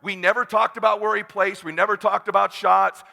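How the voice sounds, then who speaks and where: A middle-aged man from California giving a motivational talk, blunt and animated, acting out the dialogue as he tells a personal story. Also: sits high, a little fast, creaky. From California, USA. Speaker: keynote speaker. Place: large conference hall. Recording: long hall reverb.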